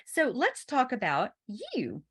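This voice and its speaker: A woman's voice: high voice, wildly swooping pitch, slow pace, a bit bright, slightly rough. A woman hosting a podcast, chatting casually and encouragingly with her guest. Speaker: podcast host. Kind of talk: casual interview chat.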